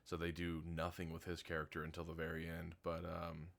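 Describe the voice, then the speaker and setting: A man with a very low voice gives a loose, unscripted review of a film. He is blunt and critical but laughs easily. His speech is full of fillers like "like" and "um". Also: monotone, brisk, vocal fry, a bit bright. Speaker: movie reviewer. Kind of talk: casual spoken movie review.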